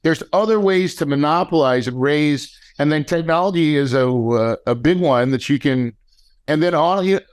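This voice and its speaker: A man hosting a podcast in casual chat, energetic and slangy, often checking in with "right?". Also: on the high side, normal speed, smooth. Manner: energetic, slangy, thinks aloud with many "right?". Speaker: podcast host.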